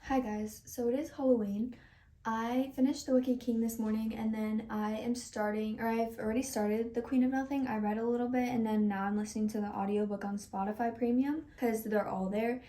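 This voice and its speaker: A woman's voice: on the high side, fairly even intonation, moderate pace, dark tone. A young woman chatting casually in a reading vlog, gushing and full of filler words. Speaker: book vlogger. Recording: faint music underneath.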